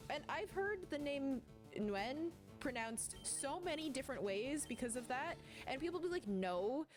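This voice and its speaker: A woman with a high, animated voice streams a game from home at a measured pace, music playing in the background. It's a casual let's-play where she rambles and chats, often laughing as she reads chat aloud.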